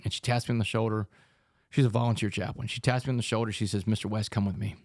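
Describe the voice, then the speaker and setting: Fast-talking gravelly man telling a story. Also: lowish voice, flat delivery, dry recording, clean studio sound. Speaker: podcast guest, author. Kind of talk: storytelling in podcast interview.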